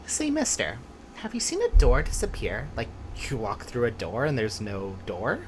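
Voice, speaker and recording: A woman reads out a nervous young boy who rambles and frets about a missing friend. The voice sits very low for a woman but moves a lot in pitch. The telling tumbles out in worried bits. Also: big pitch swings, moderate pace, a little hiss or hum. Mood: anxious. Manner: anxious, rambling. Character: worried young boy, one of a group of kids.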